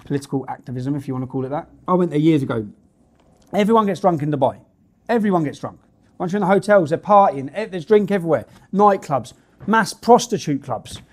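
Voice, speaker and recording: A man's voice: a little high, darkish tone. A man, reading news stories aloud and ranting about them in a blunt, indignant, slangy way.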